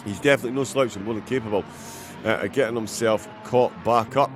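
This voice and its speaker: A man with a Scottish accent giving live commentary on a sim race, with many fillers and bursts of excitement at incidents. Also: fairly low pitch, quick pace, background noise.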